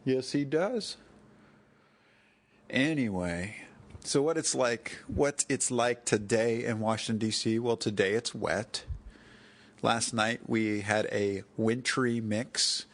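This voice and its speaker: A man's voice: lowish voice, slow. A man hosting a solo podcast, talking in a rambling, digressive way, correcting himself and drifting off topic. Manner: digressive, self-correcting, chuckling asides. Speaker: podcast host.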